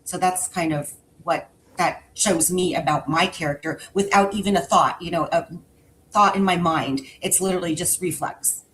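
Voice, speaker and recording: A middle-aged woman with a slightly low voice talks in a reflective way, searching for her words. A faint noise sits behind her on the recording. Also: moderate pace, a bit bright, rough recording. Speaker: podcast guest. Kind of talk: casual podcast conversation.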